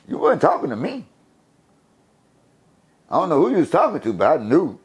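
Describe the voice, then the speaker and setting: An older man from the USA telling stories in a casual interview, animated and profane, laughing as he talks. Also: high-pitched, moderate pace, pauses often, husky. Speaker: guest storyteller.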